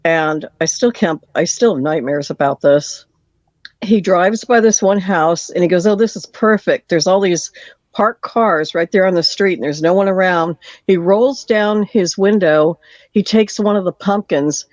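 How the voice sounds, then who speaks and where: A caller on a call-in show tells a story in a lively way, acting out the lines of the people in it. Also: mid-range voice, a little slow, no echo. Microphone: phone call. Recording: dull dry phone line.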